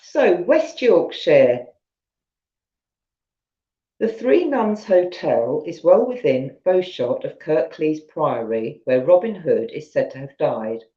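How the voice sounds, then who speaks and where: In roomy, dull lo-fi stream audio, a woman with a Southern English accent reads ghost stories from her sofa at home and chats with her viewers between tales. Her voice is rumbling low and warm.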